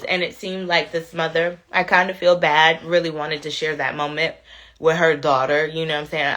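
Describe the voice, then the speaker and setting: Woman livestream host, low pitch, has a cold, chatty and direct with her audience. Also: a bit bright. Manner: chatty, talks straight to viewers with "y'all" and "you know what I'm saying". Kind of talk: casual livestream chat, reading a viewer's story.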